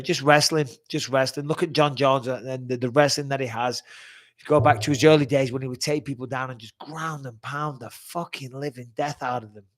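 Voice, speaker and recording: A man in his forties hosting a live fan chat, reading out fan questions and answering in a blunt, chatty way, swearing freely and sounding like he's getting over a cold. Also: medium pitch. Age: 40s. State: recovering from a cold-like illness.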